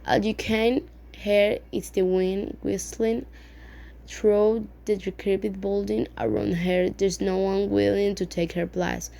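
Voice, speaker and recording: A woman reading a novel aloud in a halting way, often stumbling over words and starting them again. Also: medium pitch, flat delivery, creaky, dark tone. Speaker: reader.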